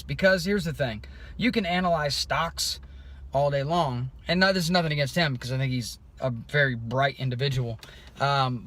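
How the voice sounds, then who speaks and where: A man giving a casual, rambling video update, loose and unscripted, with many pauses and restarts. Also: a little high, fairly bright tone. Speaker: crypto vlogger.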